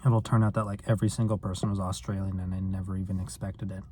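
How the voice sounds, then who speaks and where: Low, mellow-voiced man chatting casually. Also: flat delivery, fast, a little hiss or hum. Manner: rambling, self-deprecating, lots of filler likes. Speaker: vlogger. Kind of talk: casual vlog chat.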